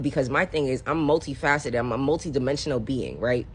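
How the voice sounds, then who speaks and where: A woman's voice: rumbling low, fast, hardly any pauses, slightly rough. A young woman talking in an emotional, rambling confessional vlog, slangy and repetitive. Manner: animated, rambling, slangy, repeats phrases. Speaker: spiritual content creator.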